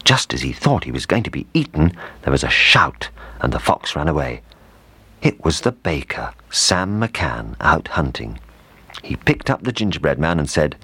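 Deep voiced guy reading a kids story, super expressive, lots of ups and downs. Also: normal speed, husky, no room sound. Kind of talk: storybook narration.

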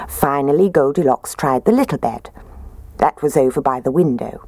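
A woman reading a children's storybook aloud in an expressive, sing-song way. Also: low voice, normal speed, no echo.

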